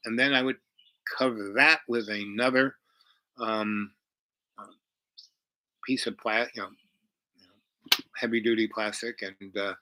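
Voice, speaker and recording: A man's voice: mid-range voice, dry recording, low-quality recording. A man telling a long personal story in a rambling, casual way, full of fillers and asides. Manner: rambling, heavy on fillers, animated.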